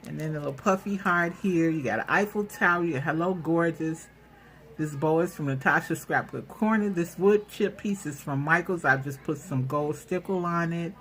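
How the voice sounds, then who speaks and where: Woman, low voice, excitable craft vlog host, casual chatter, faint room hiss. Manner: gushing, excitable, chatty with many fillers. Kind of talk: casual show-and-tell vlog.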